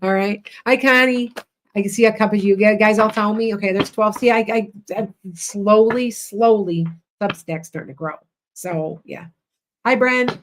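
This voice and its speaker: A woman's voice: mid-range voice, moderate pace, slight background noise. A woman with a Midwestern Chicago accent, hosting a casual livestream and giving blunt, rambling psychic readings to viewers.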